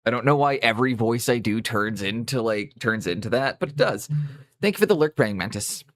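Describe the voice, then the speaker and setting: A man's voice: mid-range voice, lively intonation, a little fast, a bit bright, no echo, studio quality. A Canadian man chatting casually on a live stream while painting, rambling and correcting himself as he goes. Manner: rambling, self-correcting, easygoing.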